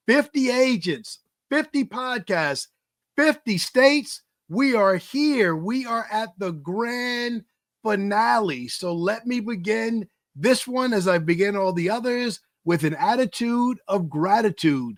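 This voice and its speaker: An enthusiastic male podcast host with a high voice, pumping up his audience. The sound is dry and close, with no room around it. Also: expressive, takes it slowly, fairly bright tone, no echo. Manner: enthusiastic, hype-style delivery. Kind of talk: energetic podcast hosting.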